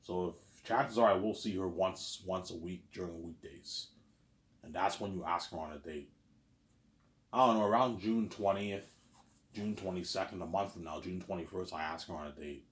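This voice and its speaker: In a deep voice at a moderate pace, a male vlogger rambles through a casual story, repeating himself and asking "you know what I'm saying?".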